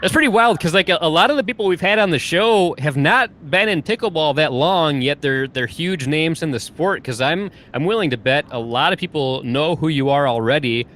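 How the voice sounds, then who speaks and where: A man's voice: a little high, lively intonation, moderate pace, hardly any pauses, fairly bright tone. A man from Michigan hosting a podcast, chatting eagerly with his guest and laughing often. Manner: enthusiastic, laughs often, many fillers. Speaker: podcast host. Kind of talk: casual interview chat.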